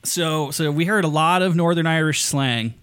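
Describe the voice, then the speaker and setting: A man's voice: on the high side, moderate pace, a bit bright, smooth. A man co-hosting a podcast, trading crude jokes in casual chat. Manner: joking, crude banter. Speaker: podcast co-host.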